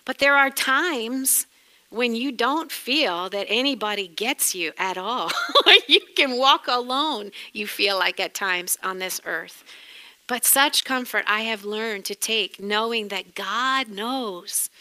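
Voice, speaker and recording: A middle-aged woman with a New England accent teaching a sermon in a chatty way, laughing often and breaking into lively exclamations. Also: fairly high pitch, takes it slowly. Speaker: Bible teacher.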